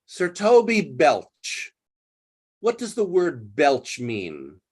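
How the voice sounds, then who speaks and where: A man's voice: fairly high pitch, huge pitch swings, drawn-out words. A man teaching English, retelling a play and explaining words in plain terms. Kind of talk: literature lesson retelling a play.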